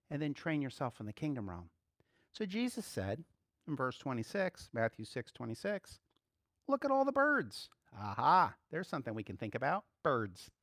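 A preacher whose pitch swings widely from phrase to phrase, talking to the congregation in a loose, chatty way. The recording sounds close and dry, with no room around the voice. Quoted lines and bird calls get acted out along the way. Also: no echo. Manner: animated, acts out little voices and quotes; chuckles often, informal. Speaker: pastor. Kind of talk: conversational sermon.

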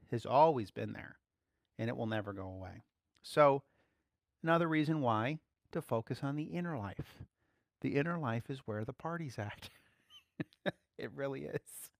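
A man's voice: fairly high pitch, no echo, studio quality. A man giving a casual, playful sermon, laughing often as he speaks. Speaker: preacher.

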